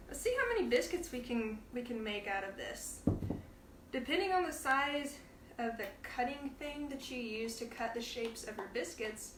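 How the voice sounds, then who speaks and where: Woman, cooking host, playful and chatty, fairly high voice, echoey kitchen heard from off the mic. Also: a bit bright, distant mic, a little hiss or hum. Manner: chatty and playful, laughs often. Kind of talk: casual live cooking demonstration. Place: home kitchen. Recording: roomy kitchen sound, from off the mic.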